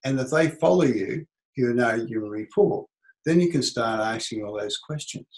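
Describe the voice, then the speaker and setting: A man's voice: mid-range voice, normal speed, low-quality recording. Australian man coaching a sales seminar. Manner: animated, acts out quoted speech. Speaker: business coach. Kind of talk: seminar teaching.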